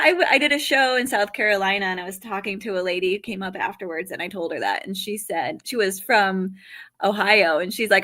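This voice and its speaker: Woman, 40s, from Western New York; bright, lively comic guest, jokey and talkative. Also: medium pitch. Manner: chatty, animated, quick to joke. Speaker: comedian guest. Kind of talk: casual interview chat.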